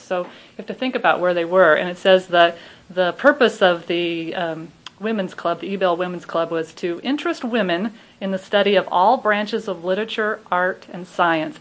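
A woman's voice: medium pitch, poor audio. A middle-aged woman with a Southern US accent, a minister giving an informal, chatty talk to her congregation. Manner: chatty, laughing, many restarts.

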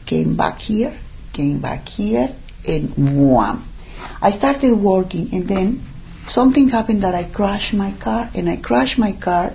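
Older woman, lively and expressive storyteller, acts out quotes, lo-fi recording. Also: fairly low pitch, gravelly, slight background noise. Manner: animated, acts out what others said, many "I mean" fillers. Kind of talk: personal story told in casual talk.

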